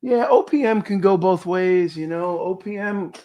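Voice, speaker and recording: A chatty man with a slightly high voice who keeps the talk light and jokes around. He co-hosts a livestream from a desk mic, speaking casually and laughing easily. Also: normal speed, mellow. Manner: joking, chatty, laughs often. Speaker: co-host of a precious metals livestream. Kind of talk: casual chat.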